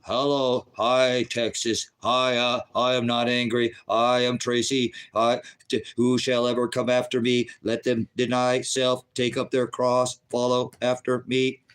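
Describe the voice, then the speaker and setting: Man putting on a monotone android, slow, stiff, meek, mocking. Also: mid-range voice, clear, resonant tone, natural voice.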